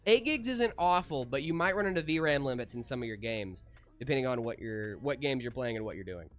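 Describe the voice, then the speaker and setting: Laid-back dude reading livestream chat. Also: male voice, medium pitch, animated, fairly quick, soft background music. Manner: laid-back, reads chat aloud, calls people dude. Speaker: livestream co-host.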